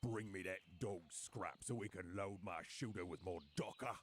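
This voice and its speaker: A man's voice: low voice, moderate pace, slight background noise, natural voice. A man voicing a guttural male orc brute with a Cockney accent. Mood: gruff.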